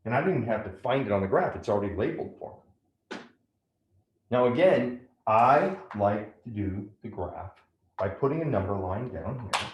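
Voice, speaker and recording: A man's voice: lowish voice, expressive, moderate pace, reverberant, dull audio, a little hiss or hum. A man teaching a math lesson step by step, often checking in with "right?".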